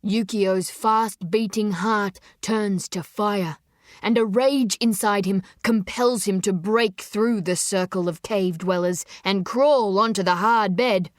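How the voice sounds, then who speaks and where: A woman narrating a story in a measured, expressive audiobook reading. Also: medium pitch, dry recording, studio quality.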